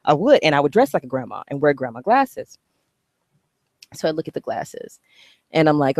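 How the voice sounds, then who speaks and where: A woman's voice: deep voice, very animated, moderate pace, long pauses, a little mellow, no echo, studio quality. A woman giving a heated, profane, sarcastic rant while reacting to a video. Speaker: online commentator. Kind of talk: ranting reaction commentary.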